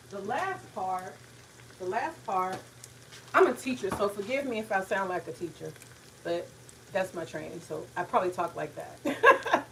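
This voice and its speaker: A chatty woman talking through her cooking in a home kitchen, wandering from point to point and stopping to hunt for words. She sits a little back from the mic, and a soft sizzle of frying runs underneath. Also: medium pitch, recorded from a distance, slight background noise, low-quality recording. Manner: chatty, rambling, searches for words. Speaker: home cook vlogger. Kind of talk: casual cooking vlog.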